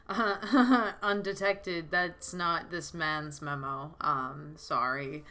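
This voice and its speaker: Woman, game commentary, excitable, dramatic, low-pitched, bright. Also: slow. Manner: excitable, dramatic, laughing reactions. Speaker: let's play host. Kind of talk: reading a visual novel aloud with commentary.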